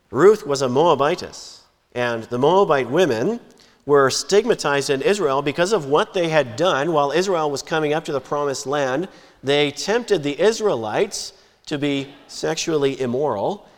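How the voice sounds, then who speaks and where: A man preaching a sermon in a measured, emphatic way, lifting and dropping his voice for stress. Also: medium pitch. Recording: long hall reverb.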